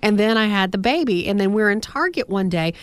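A woman in her thirties, a podcast co-host telling stories in casual chat, animated and indignant. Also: mid-range voice, brisk, smooth, dry recording. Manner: animated storytelling, indignant asides.

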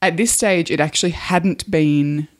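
A woman's voice: deep voice, unhurried. A woman co-hosting a casual podcast, upbeat and chatty, explaining things at length. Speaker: podcast co-host.

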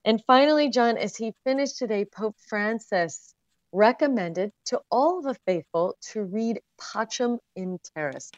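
A woman's voice: fairly high pitch, expressive, a little slow, dry recording, highs cut off. Woman radio correspondent, dry sound. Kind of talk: news report on radio podcast.

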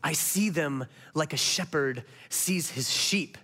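High-voiced animated preacher man. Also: slow pace. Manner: animated, swings between loud and hushed. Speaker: pastor. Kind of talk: sermon.

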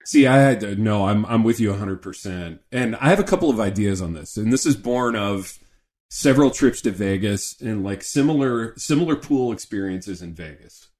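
A middle-aged man co-hosting a podcast in casual chat, animated and joking, often saying "dude". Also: lowish voice, moderate pace. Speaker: podcast co-host.

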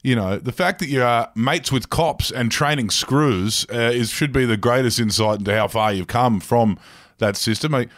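A man hosting a podcast interview, easygoing and laughing along, with halting fillers. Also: medium pitch, a bit bright, no room sound, studio quality. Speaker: podcast host. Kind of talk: casual interview chat.

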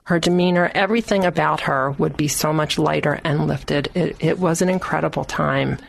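Lively storytelling woman, low voice. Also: normal speed, vocal fry. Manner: lively, acts out quoted people with a raised voice. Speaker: author guest. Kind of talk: animated storytelling in an interview.

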